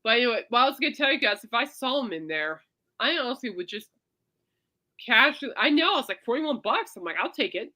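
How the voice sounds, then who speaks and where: A woman's voice: on the high side, brisk. A woman hosting her own podcast, telling rambling stories in a casual chat and calling her listeners "people". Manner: animated storyteller, swings loud and soft, addresses listeners as "people". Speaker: podcast host.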